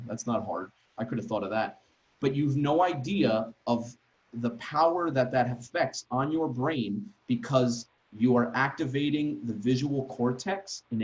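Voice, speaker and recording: A male trainer runs an online workshop for teachers via video call, using an emphatic, conversational style and tacking brief questions for the group onto his sentences. He has a mid-range voice, and the audio's high frequencies are cut off.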